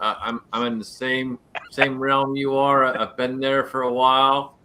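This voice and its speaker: A man with a bright, forceful voice and a mid pitch talks frankly on a live stream. He speaks bluntly and drops casual swear words, with no interest in softening things. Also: fairly even intonation, a little slow, a little hiss or hum. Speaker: co-host of a shooting livestream.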